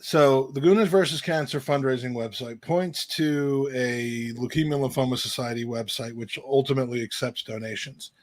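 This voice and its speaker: A man co-hosting a podcast, teasing his partner, then calmly explaining a technical problem. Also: medium pitch, moderate pace, few pauses. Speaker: podcast co-host. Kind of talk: casual podcast chat.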